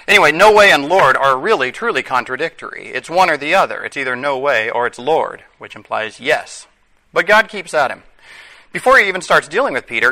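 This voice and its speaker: A man's voice: medium pitch, pushed and bright, poor audio. A man, likely a father of young children, preaching a conversational sermon with wry asides and self-corrections.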